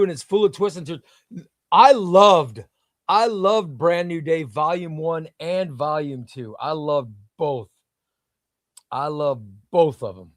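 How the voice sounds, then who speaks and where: On a casual comics livestream, a man with a slightly high voice reads out viewer comments, rambling enthusiastically. The recording is dry and studio quality.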